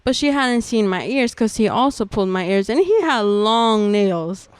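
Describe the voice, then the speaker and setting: A woman's voice: medium pitch, animated, moderate pace, clear, resonant tone, no echo. A young adult woman, a podcast guest, giving an earnest personal testimony in casual talk, full of "like" fillers. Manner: earnest storytelling, many "like" fillers.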